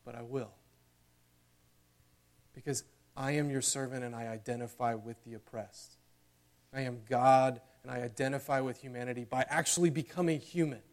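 A man preaching a sermon in a church, earnest, building louder and higher toward emotional peaks. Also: fairly even intonation, brisk. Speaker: pastor.

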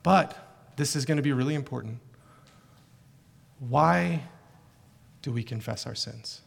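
A man's voice: medium pitch, unhurried, creaky. A middle-aged male pastor preaching an earnest, emphatic sermon full of rhetorical questions. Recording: long hall reverb.

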